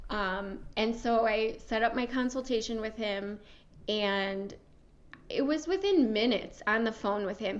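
A young adult woman talks as a podcast guest, her voice sitting a little higher than most. She tells her story frankly and lively, with frequent laughs and plenty of fillers. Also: highs cut off. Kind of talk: casual interview chat.

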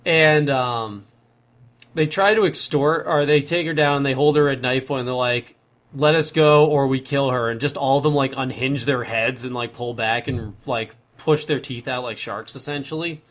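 A man's voice: mid-range voice, moderate pace, a bit bright. A young man in casual chat, telling a long story in a rambling way and correcting himself as he goes.

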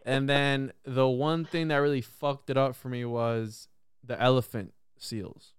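A man in a casual podcast conversation, telling a story in an animated, profane way, full of "bro" and "like". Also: mid-range voice, a little slow, smooth, no echo. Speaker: podcast guest or host.

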